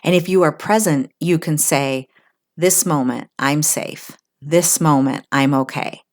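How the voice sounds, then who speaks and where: Low-voiced woman musing in casual chat. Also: a little slow, a little mellow. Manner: reflective, acts out inner thoughts in quoted asides. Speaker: podcast co-host.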